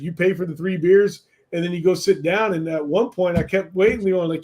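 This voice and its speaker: A man's voice: sits high, animated, brisk, few pauses, a little mellow. A man co-hosting a podcast, telling stories in a loose, rambling way with many fillers. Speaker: podcast co-host. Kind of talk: casual chat.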